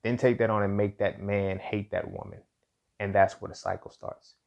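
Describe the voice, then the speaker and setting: A man with a low, gravelly voice talks through his ideas on his own show. He speaks in loose, slangy phrases and keeps asking whether the listener follows him. His tone stays flat, and he often circles back over his own words. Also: normal speed, muffled recording. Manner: casual, slangy, frequent "you feel what I'm saying"; repeats words and restarts while thinking aloud. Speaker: podcast host. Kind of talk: solo commentary monologue.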